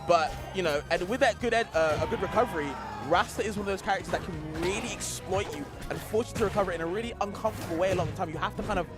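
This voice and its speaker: A man's voice: high voice, rapid-fire, few pauses, loud music behind the voice. A man with a non-American accent commentating a live esports tournament, chatty and laughing often, rambling with lots of fillers.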